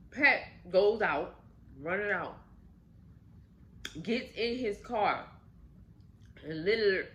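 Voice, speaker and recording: A woman's voice: medium pitch, rough recording. A woman host casually telling a story while eating, talking directly to her viewers. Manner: animated, addresses viewers directly. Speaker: channel host.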